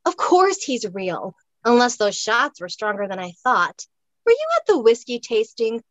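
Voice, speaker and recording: A woman's voice: on the high side, sing-song, a little slow, no echo. A woman voicing a blunt, wry modern young woman who talks back sarcastically. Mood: sassy. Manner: sarcastic, exclamatory.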